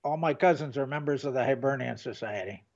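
A man's voice: mid-range voice, fairly quick, darkish tone, muffled recording. An older man co-hosting a casual chat, rambling and trailing off mid-sentence. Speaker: co-host.

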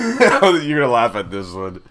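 A man's voice: medium pitch, wildly swooping pitch, takes it slowly, fairly bright tone. A man hosting a casual live stream, joking and swearing as he reads out chat messages. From United States.

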